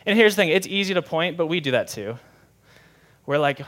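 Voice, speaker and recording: Man, young adult, pastor, conversational sermon, self-deprecating, somewhat high pitch. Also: animated, fast, a bit bright.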